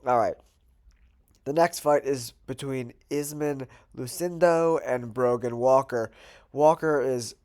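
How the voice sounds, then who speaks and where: A man's voice: medium pitch, dark tone. A man hosting his own channel, sounding nasal from a cold, chatting casually through his betting picks and thinking aloud with fillers. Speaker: host. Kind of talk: casual betting predictions monologue.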